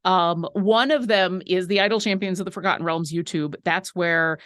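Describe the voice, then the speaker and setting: A woman's voice: on the low side, fairly bright tone, dry recording, clean studio sound. A woman co-hosting a live painting stream, reading viewer questions and chatting in a rambling, talkative way. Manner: chatty and rambling, quick asides.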